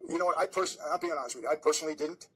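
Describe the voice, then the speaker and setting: A man's voice: fairly high pitch, very fast, husky, rough recording. A man answering interview questions candidly, hesitant and confiding, with many restarts. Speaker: interview guest.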